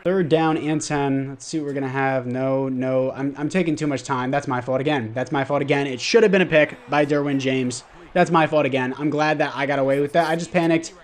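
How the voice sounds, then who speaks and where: A man's voice: medium pitch, fairly even intonation, brisk, hardly any pauses, a little hiss or hum. A young man giving casual commentary over his football video game, narrating the plays and blaming himself for his mistakes. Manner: frustrated outbursts at mistakes, self-blaming. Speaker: gaming YouTuber.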